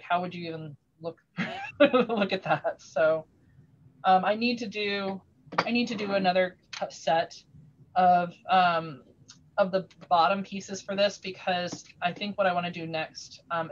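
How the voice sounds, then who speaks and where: A woman talking casually over a video call, her voice a little low for a woman and the audio muffled and lo-fi. She rambles through a story with lots of restarts and fillers, growing animated as she goes. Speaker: craftsperson sharing her work on a video call.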